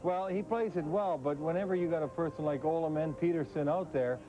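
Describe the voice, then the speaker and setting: A man giving hockey analysis as a guest on a televised preview, earnest and measured, on dull lo-fi TV audio. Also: fairly high pitch. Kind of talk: TV studio analysis.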